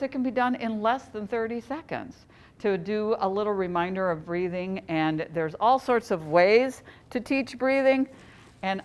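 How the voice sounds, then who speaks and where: A woman giving a live workshop to teachers, speaking in an easy, chatty way at a mid-range pitch. She talks to her listeners directly and keeps things light with a joke now and then. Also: clear, resonant tone. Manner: conversational, chatty, jokes with the audience. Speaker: workshop presenter for educators. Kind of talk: live training presentation.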